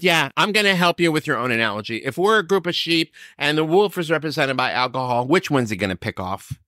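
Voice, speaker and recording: A man's voice: medium pitch, big pitch swings, fairly quick, sharp tone, dry recording, studio quality. A man telling his personal recovery story, acting out the exchanges he quotes. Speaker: recovery speaker.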